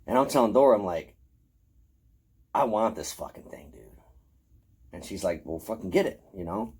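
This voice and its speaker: A man's voice: on the low side, normal speed, slightly rough. A man telling a casual, profanity-heavy story about his convention haul, acting out his own lines. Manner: profane, animated, acts out his own quotes. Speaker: horror convention vlogger showing his haul.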